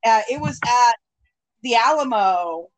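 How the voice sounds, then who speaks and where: A woman hosting a podcast in casual chat, talking in a relaxed, drawn-out way. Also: fairly high pitch, poor audio. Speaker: podcast host.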